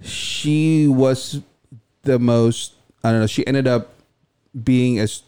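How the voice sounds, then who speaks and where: A man's voice: mid-range voice, takes it slowly, mellow, clear, resonant tone. A man co-hosting a podcast, chatting casually and often searching for his words. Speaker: podcast co-host. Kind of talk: casual chat.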